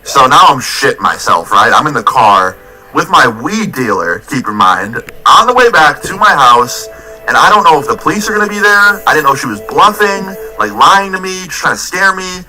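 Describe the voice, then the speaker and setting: Young guy, casual swearing storyteller, sharp bright tone. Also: fairly high pitch, moderate pace, soft background music, low-quality recording. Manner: casual, profane, animated retelling. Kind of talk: storytime vlog.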